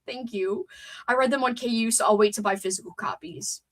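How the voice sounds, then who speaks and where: A woman's voice: a little high, brisk. A young adult woman with a stuffed-up nose, hosting a chatty, wordy livestream and reading out chat comments. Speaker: livestream host.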